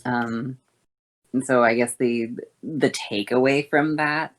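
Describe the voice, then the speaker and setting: A woman voice teacher explaining vocal exercises in a halting way, with many fillers and self-corrections. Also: rumbling low, fairly even intonation.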